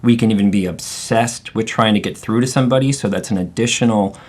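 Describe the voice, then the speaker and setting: A man's voice: lowish voice, fairly quick. A man hosting, explaining trauma patterns in a thoughtful, searching way after a role-play. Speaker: therapist and host. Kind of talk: reflective teaching talk.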